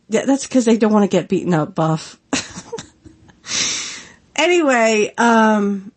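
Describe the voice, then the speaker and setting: A woman's voice: mid-range voice, lively intonation, unhurried, pauses often. A woman in her thirties hosting a podcast, chatting casually on her own with lots of giggles and filler words. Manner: giggly, rambling, many fillers. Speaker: podcast host. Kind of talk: casual solo commentary.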